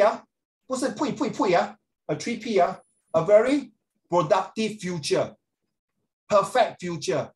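Joking Singaporean teacher, higher voice. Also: male voice, poor audio. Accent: Singaporean English. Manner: animated, joking, sarcastic; sprinkles in Mandarin phrases. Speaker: social studies teacher. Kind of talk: classroom teaching.

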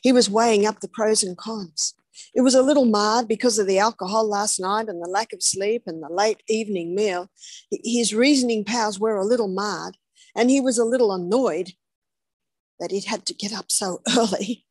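A woman's voice: mid-range voice, normal speed, a little mellow, no echo. A woman preaching a sermon, telling the story dramatically, dropping to whispers and then rising with emphasis. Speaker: health speaker preaching.

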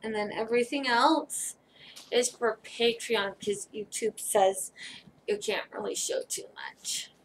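A slightly high-pitched young adult woman talks slowly in a casual try-on vlog, with a bit of background noise behind her. She's tired and yawning, rambling and thinking aloud in a relaxed way as she shows off her clothes.

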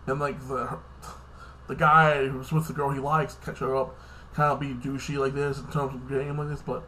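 A man's voice: mid-range voice, level tone, normal speed, pushed and bright, slight background noise. A man casually recapping a TV episode in a rambling way, tacking "like this" and "like that" onto his sentences and swearing now and then. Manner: rambling, fills with "like this" and "like that". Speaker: TV episode reviewer.

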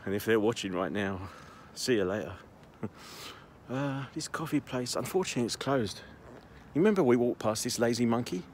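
A man's voice: medium pitch, lively intonation, normal speed, a little hiss or hum. A man vlogging casually as he walks city streets, telling rambling stories with plenty of restarts. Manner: chatty, rambling storyteller with laughs. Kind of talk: casual walking vlog chat.

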